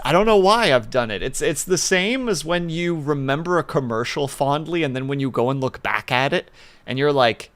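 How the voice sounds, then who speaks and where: A man's voice: medium pitch, lively intonation, moderate pace, a bit bright. A man chatting casually on a livestream, rambling with playful asides in a home setup with a desk mic. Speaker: streamer. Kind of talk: casual stream chat.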